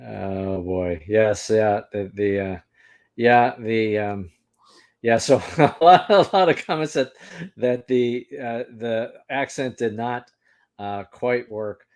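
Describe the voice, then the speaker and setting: A man hosting a casual chat, speaking haltingly with many fillers and breaking into laughs. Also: fairly low pitch, darkish tone. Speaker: host.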